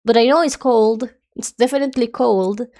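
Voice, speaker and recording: A young woman streamer draws while chatting casually and rambling without pause, calling it her own yapping, and her nose sounds stuffy. Her voice is a little high and mellow at a moderate pace.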